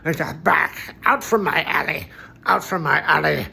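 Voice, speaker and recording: A man voicing a charismatic, friendly half-ogre in a tabletop game, with a deep, harsh voice and a friendly swagger. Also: unhurried, gravelly, sharp tone, breathy edge, exaggerated voice.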